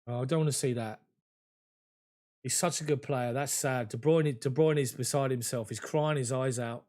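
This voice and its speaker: A man's voice: medium pitch, moderate pace, a little mellow. A man giving live, emotional, conversational play-by-play of a football match from a fan's point of view, at home. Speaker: fan commentator.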